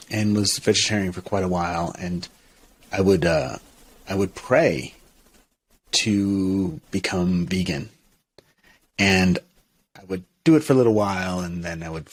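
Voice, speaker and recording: Low husky-voiced man, halting and reflective. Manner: halting, many restarts and fillers, thoughtful. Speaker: minister, interview guest. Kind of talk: reflective conversational interview.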